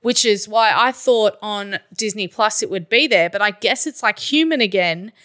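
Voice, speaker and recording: A woman co-hosting a podcast in casual chat, talkative and quick to laugh. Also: medium pitch, a bit bright. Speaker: podcast co-host.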